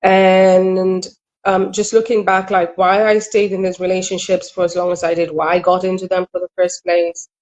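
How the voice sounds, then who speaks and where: A woman's voice: on the low side, little pitch movement, darkish tone, low-quality recording. A middle-aged woman from Kenya, a relationship coach, talking candidly and reflectively in an interview. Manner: earnest, reflective, quick asides.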